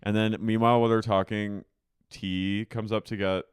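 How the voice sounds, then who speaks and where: A man's voice: lowish voice, moderate pace, smooth, dry recording. A man co-hosting a podcast, chatting casually and gushing as he recaps a reality show. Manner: animated, gushing, breaks into shrieky impressions. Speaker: podcast co-host.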